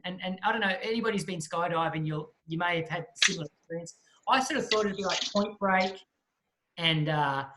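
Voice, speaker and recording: A man, a guest speaker telling a lively story in a talk and acting out the people in it. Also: sits high, a little hiss or hum. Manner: lively storyteller who acts out the voices of the people in his story.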